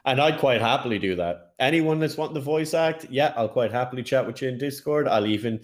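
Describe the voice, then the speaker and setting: An Irish man co-hosting a podcast, chatting in an animated, jokey way and laughing often. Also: medium pitch, brisk. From Ireland. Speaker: podcast co-host. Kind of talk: casual podcast chat.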